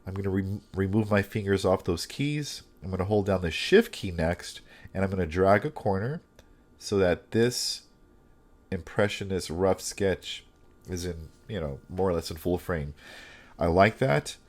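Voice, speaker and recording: A man teaching a step-by-step digital comic drawing lesson, thinking aloud with frequent pauses and restarts. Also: low voice, lively intonation, darkish tone. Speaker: comic art instructor.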